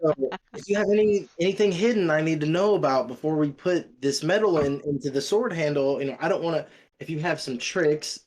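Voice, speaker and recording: A man's voice: a little high, brisk, darkish tone, low-quality recording. A man playing a tabletop game, talking hesitantly with frequent restarts. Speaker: player.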